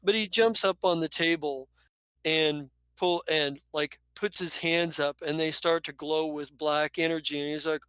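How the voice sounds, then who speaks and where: A man's voice: on the high side, steady tone, a little slow, pushed and bright, clear, resonant tone, dry recording, low-quality recording. A man narrating as game master of a tabletop game, rambling loosely with fillers.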